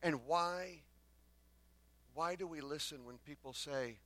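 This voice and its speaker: A man preaching a sermon as pastor, swinging between loud bursts and hushed lines and acting out the exchanges between the prophets. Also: on the high side, takes it slowly, pauses often. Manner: acts out the exchanges between the prophets in their own voices.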